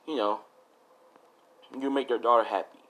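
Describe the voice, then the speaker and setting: A man's voice: mid-range voice, fairly even intonation, moderate pace, fairly bright tone, lightly acted, rough recording. A man voicing a sweet-talking, meddling woman with a sugary, gossipy manner.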